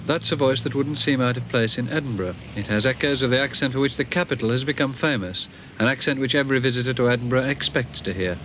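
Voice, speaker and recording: A man reads polished documentary narration in an even, mid-pitched voice. A faint hiss sits under the old recording. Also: fast, hardly any pauses.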